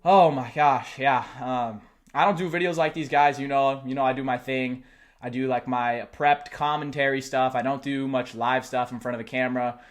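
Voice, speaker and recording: A young man vlogging about college football, talking live and out of breath, excited and rambling. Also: medium pitch, moderate pace. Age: young adult. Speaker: sports vlogger. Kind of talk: live unscripted vlog reaction. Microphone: close mic, camera and laptop.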